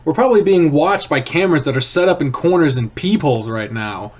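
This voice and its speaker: A man reading a visual novel aloud in first person, with a hushed, tense, dramatic delivery. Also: on the high side, expressive, brisk. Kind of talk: first-person story narration.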